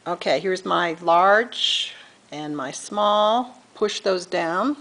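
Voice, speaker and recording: A woman's voice: on the low side, animated, drawn-out words, fairly bright tone, poor audio. A middle-aged woman giving a patient step-by-step beading tutorial, counting beads aloud and correcting herself as she goes. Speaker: beading instructor.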